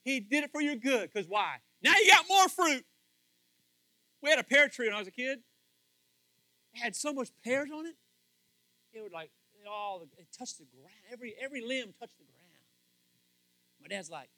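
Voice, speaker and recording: A man's voice: very high voice, animated, normal speed, long pauses, bright, forceful tone, no echo, poor audio. A man preaching a folksy sermon who tells stories and keeps asking the crowd fill-in questions. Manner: folksy and storytelling.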